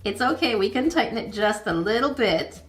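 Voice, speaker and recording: A woman at a mid-pitched, ordinary speaking level narrates a hands-on craft kit review. She chats along as she works, cheering herself on and breaking into flustered little exclamations. Light music sits faintly under her voice. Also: expressive. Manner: chatty, self-encouraging, easily flustered with quick exclamations. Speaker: craft channel host.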